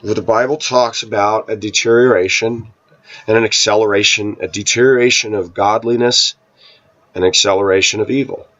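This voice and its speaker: Low-voiced man, rambling talk, dull recording. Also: fairly even intonation, normal speed, fairly bright tone. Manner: rambling, repeats himself, clears throat often. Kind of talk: casual spoken storytelling.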